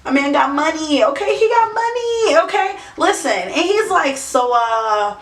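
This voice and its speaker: A woman vlogger telling funny dating stories in a sassy, animated way, with many asides. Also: very high voice, moderate pace, a little hiss or hum. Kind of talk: comedic storytelling to camera. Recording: echoey room, mic at a distance.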